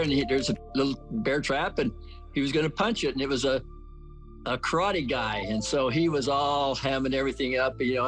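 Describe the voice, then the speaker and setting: A man's voice: mid-range voice, fairly bright tone, rough recording. Man in his 70s, folksy plainspoken storyteller, documentary interview, faint music underneath. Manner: folksy, plainspoken anecdote-telling.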